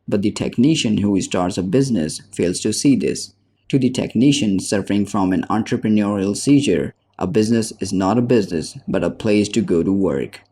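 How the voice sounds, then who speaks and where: Male narrator for a nonfiction audiobook, steady and measured, low and warm. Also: husky.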